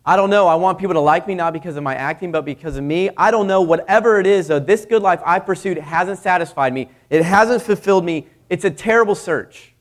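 Brief: male preacher putting on an unfulfilled famous actor, pleading, pitched higher and louder. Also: a little fast, few pauses, close to an everyday voice. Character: imagined famous actor, man, searching and unfulfilled.

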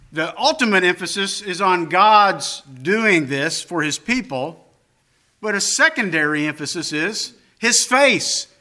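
Slow, bright-voiced male preacher. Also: a little high. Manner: conversational, self-deprecating asides; emphatic repetition, rising on key phrases. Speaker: pastor. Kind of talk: sermon.

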